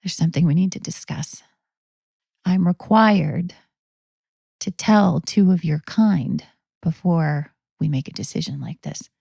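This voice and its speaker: A woman's voice: on the low side, measured pace, gravelly, mellow, slightly rough, no room sound, clean studio sound, full character voice. A woman voicing a grave man who believes he is president of the world, speaking in a solemn tone.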